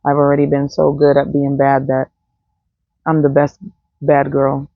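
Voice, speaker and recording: A woman's voice: extremely low pitch, monotone, unhurried, dry recording. A woman talking in a blunt, profane, rambling unscripted monologue as a vlogger. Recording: dull, dry, lo-fi sound.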